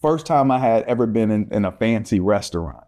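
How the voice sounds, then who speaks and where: Deep mellow-voiced man telling a story. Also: fairly quick. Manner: animated, acts out quoted voices, laughs often. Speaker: podcast co-host. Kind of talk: casual storytelling.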